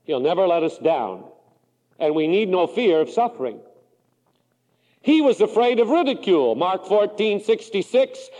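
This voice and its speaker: Preacher, male, Pacific Northwest, high animated delivery, churchy hall echo. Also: moderate pace. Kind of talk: sermon.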